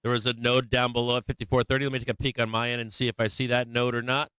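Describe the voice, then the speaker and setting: A man's voice: medium pitch, level tone, very fast, sharp tone, smooth, dry recording. A man hosting a stock market live stream, talking through charts live with blunt, swearing remarks and many restarts, a bit worn in the voice as he loses it. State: losing his voice.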